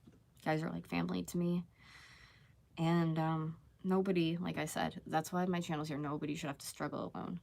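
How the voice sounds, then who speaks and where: A woman's voice: sits low, level tone, normal speed, vocal fry, darkish tone. A young woman talking candidly to viewers on a live stream, rambling with many fillers and restarts.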